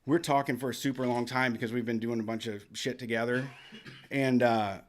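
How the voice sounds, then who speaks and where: A man's voice: medium pitch, fairly even intonation, a little fast, slight background noise. A man hosting a radio show, telling a long story in a rambling, profane, casual way. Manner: profane, rambling, with lots of restarts. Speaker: podcast host.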